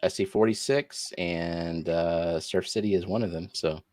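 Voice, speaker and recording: Livestream host, male, very low voice, dry sound, offhand and profane. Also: unhurried, darkish tone, dry recording. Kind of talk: casual livestream chat.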